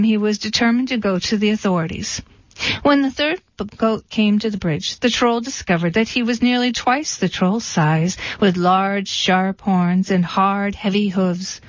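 A woman reading a storybook in a dry, deadpan way. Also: mid-range voice, no room sound. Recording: dull, dry recording.

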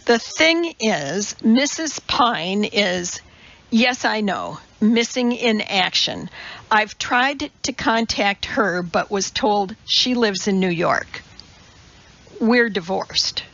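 A woman's voice: medium pitch, expressive, slow, creaky, a bit bright, lo-fi sound, full character voice. A woman doing a flustered, stammering male TV producer. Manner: stammering, hesitant.

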